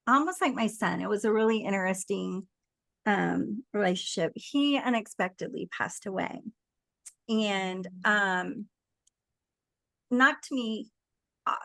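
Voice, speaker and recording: A middle-aged woman coach as a podcast guest, speaking reflectively with halting pauses. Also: medium pitch, vocal fry, dry recording. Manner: warm agreeing, then reflective and halting. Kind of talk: casual interview chat.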